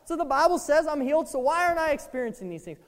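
High-pitched, animated and rapid-fire, a preacher gives a sermon in a large hall. His style is casual and conversational, with frequent "right?" checks to the listeners and acted-out inner voices of the people he quotes.

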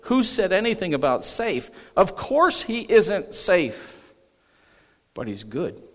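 A man's voice: high voice, very animated, takes it slowly, voice pushed up, exaggerated voice. A man voicing an insistent male beaver while reading a storybook in a sermon. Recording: echoey hall.

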